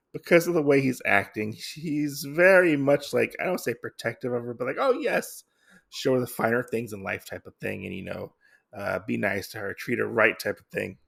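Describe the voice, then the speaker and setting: Gravelly man rambling through a comic recap. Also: mid-range voice, a bit bright. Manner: rambling, lots of fillers and restarts. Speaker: podcast host. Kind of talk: casual comic book recap.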